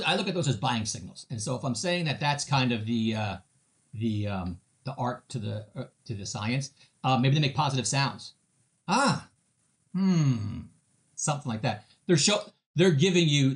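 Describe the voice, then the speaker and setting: A man speaking as a sales trainer in a casual interview tells animated stories, acting out his customers' voices with many fillers and restarts. His voice is mid-range and fairly quick.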